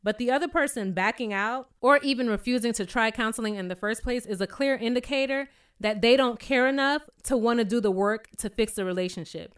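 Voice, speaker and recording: A sassy young woman talks through a reality show recap in a casual, chatty way. Her voice sits a little high and sounds smooth and clear. She jumps into higher voices to act out the cast's lines. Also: a little fast.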